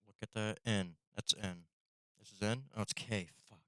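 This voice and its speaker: A young man with a lowish, bright and smooth voice chats quietly to his stream while he studies. He mutters self-deprecating asides, a little thick around the retainer in his mouth, close on a dry desk mic. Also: fairly quick, no echo. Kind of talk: casual live-stream chatter while studying. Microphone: desk streaming microphone.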